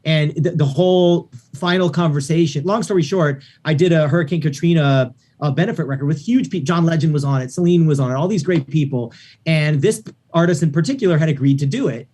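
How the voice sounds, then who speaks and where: A man, a record producer guest, chatting casually on a podcast and telling animated stories with acted-out quotes. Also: fairly high pitch, a little fast. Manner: animated storytelling, acts out quoted voices.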